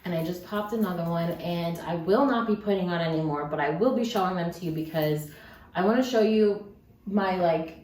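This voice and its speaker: Her voice sits on the low side and moves at a moderate pace as this young woman opens a delivery of beads on a home vlog. Upset yet trying to sound cheerful, she flips between sad and excited, chatting with lots of "likes" and a few curse words, in an echoey room with faint background noise.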